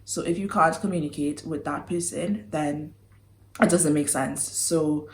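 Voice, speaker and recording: A woman's voice: low-pitched, measured pace. A young woman from Trinidad, chatting casually and animatedly on her vlog, laughing often. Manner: giggly, animated and apologetic. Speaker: vlogger. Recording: echoey room.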